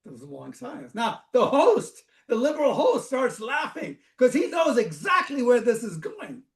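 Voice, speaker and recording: A man from Africa gives a storytelling talk as a guest speaker. His voice sits high and his delivery is animated and conversational, with frequent restarts. The room has a strong echo. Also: moderate pace. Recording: echoey room.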